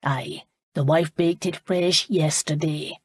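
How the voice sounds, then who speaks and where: A woman voicing a cautious, plain-spoken innkeeper who talks slowly in an audiobook. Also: low-pitched, steady tone, darkish tone, husky, dry recording, studio quality, exaggerated voice. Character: wary, plain-spoken Scottish innkeeper man. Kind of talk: audiobook character voice.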